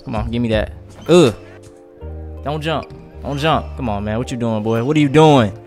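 A young man giving hyped, slang-heavy gameplay commentary, reacting loudly and trash-talking his opponents. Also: mid-range voice, normal speed, soft background music. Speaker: gaming YouTuber.

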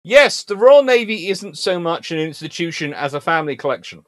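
A man's voice: a little high, a little fast, no room sound. A man hosting a casual history livestream, reading out lists of ships and chatting with viewers. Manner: lively and chatty, reading names in a sing-song list. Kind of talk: casual lecture reading ship lists and answering chat.

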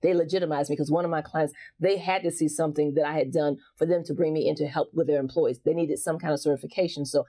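A woman's voice: low voice, steady tone, quick pace, hardly any pauses, mellow. A woman speaking as a guest coach in a casual interview, frank and emphatic, often restarting her sentences.

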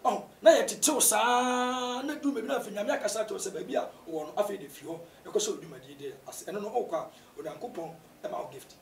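A man with a Ghanaian accent, a pastor answering interview questions in a preaching style, often rising to shouts for emphasis. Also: sits high, fast, gravelly, few pauses, a crowd in the background. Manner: animated, bursts into shouts to stress points. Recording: roomy echo, distant from mic.

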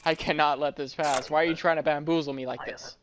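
A man with a fairly high, steady voice talks fast while casually commentating a border-inspector game, joking, stammering, and repeating words. Game music plays behind him amid slight background noise.

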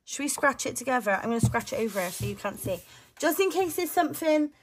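A young woman chatting excitedly to her viewers as she unboxes her mail. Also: high voice, quick pace, faint music behind. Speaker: budgeting vlogger. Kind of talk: casual chat to camera while unboxing.

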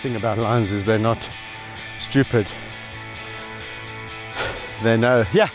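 A man's voice: medium pitch, takes it slowly, pauses often, over music. A man running a vlog outdoors at a wildlife sanctuary, cooing and calling to the lions with affection. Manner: animated, coos and calls to the lions with affection. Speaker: wildlife sanctuary keeper and channel host. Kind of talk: casual vlog narration while handling lions.

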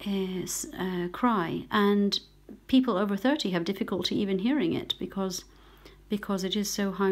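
A middle-aged woman who works in bird rescue, talking softly and often in a whisper, cooing gently while she cares for a tiny bird. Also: fairly low pitch.

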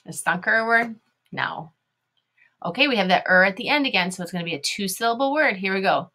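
A woman's voice: medium pitch, animated, quick pace, bright, forceful tone, a little hiss or hum. A woman teaching a phonics video lesson, sounding out letters and syllables one by one and asking her young learners encouraging questions.

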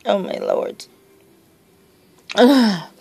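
Emotional woman vlogger, gravelly voice, slow rambling delivery. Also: mid-range voice, wildly swooping pitch, slight background noise. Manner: emotional, tearful, gushing; rambling with many restarts and soft asides. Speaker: vlogger opening happy mail. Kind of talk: casual vlog.

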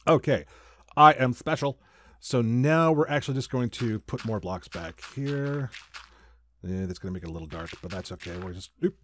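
A man's voice: mid-range voice, normal speed, slight background noise. A man hosting a Let's Play, chatting casually through his building and making silly sound effects. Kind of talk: casual gameplay commentary.

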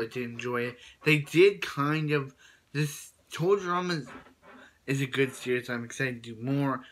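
A man's voice: medium pitch, pushed and bright, slight background noise. A man casually recapping a cartoon episode in a rambling way, full of fillers and restarts. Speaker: show reviewer.

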